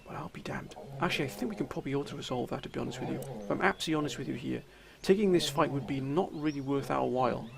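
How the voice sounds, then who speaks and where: A man commentating his strategy game, theatrically addressing viewers as sir and gentlemen. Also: mid-range voice, rapid-fire, gravelly, hardly any pauses, crowd noise. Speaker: let's play commentator.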